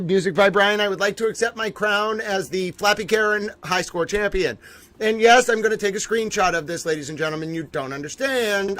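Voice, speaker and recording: A man co-hosting a livestream, chattering excitedly while playing a game and making mock-grand announcements. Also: high-pitched. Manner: theatrical, mock-grandiose, exclaiming. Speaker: livestream co-host.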